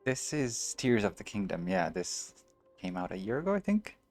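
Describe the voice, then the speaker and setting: Gravelly man, low voice, casual let's-play chat, talks to viewers. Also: very animated, normal speed, soft background music. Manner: chatty, reads and answers viewers, muses aloud. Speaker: game streamer.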